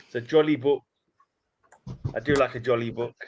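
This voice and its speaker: A man's voice: mid-range voice, steady tone, moderate pace, darkish tone, a little hiss or hum. Dry-quipping man on lo-fi audio. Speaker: podcast co-host. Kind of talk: casual chat. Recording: dull lo-fi sound.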